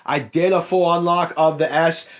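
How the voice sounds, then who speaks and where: A man's voice: a little high, steady tone, moderate pace. A young man with a Canadian accent from the Niagara area, a car salesman hosting a casual Q&A and frankly answering viewer comments in a chatty way. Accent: Canadian, Niagara Ontario. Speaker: car salesman and YouTube host.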